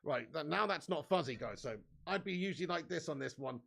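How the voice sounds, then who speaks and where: A man's voice: fairly high pitch, lively intonation, brisk, gravelly, fairly bright tone. A man hosting a casual fan live stream, chatty and laughing often, swearing freely and reading viewer comments aloud.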